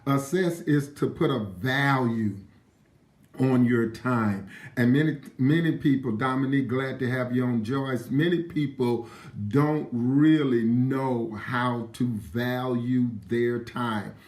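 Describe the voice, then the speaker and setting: A man's voice: medium pitch, takes it slowly, darkish tone, echoey room. A man giving a live-streamed motivational talk, repeating his points with an emphatic, preacher-like cadence and greeting viewers by name.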